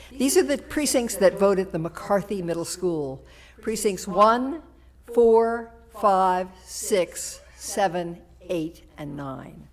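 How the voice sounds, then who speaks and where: A lower-voiced woman with a Massachusetts accent runs a town candidates forum, talking in a loose, chatty way. She reads out details and restarts her sentences, with plenty of ums along the way. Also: darkish tone. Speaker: forum moderator. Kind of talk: moderating a public candidates forum. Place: police station meeting room.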